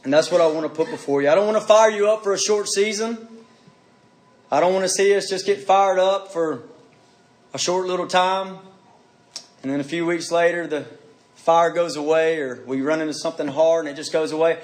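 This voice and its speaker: A man's voice: on the high side, fairly quick. A man preaching a sermon, earnest and pleading, repeating his questions for emphasis.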